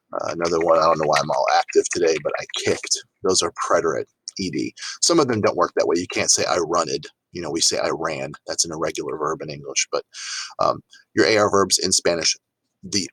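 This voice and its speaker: A man teaching a grammar lesson in a relaxed, chatty way, talking straight to his students with plenty of fillers. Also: deep voice, husky, no echo, rough recording. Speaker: Spanish teacher. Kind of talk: informal recorded grammar lesson.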